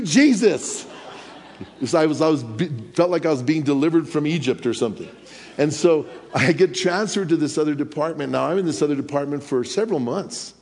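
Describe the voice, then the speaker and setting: A man preaching a sermon in a church, telling a personal story in a lively way and chuckling now and then. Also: fairly high pitch, a little hiss or hum. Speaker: pastor. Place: church sanctuary. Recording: long hall reverb.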